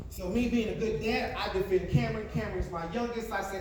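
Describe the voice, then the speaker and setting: A man's voice: high voice, quick pace, few pauses. Brash profane stand-up comic man. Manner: brash, profane, storytelling with asides to the crowd. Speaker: stand-up comedian. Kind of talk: stand-up comedy set. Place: comedy club stage. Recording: echoey club from a distance with noise.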